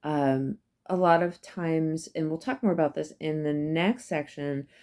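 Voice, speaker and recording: Low-voiced woman giving a casual lecture. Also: a little slow, darkish tone. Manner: chatty and emphatic, many fillers and asides. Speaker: psychology professor.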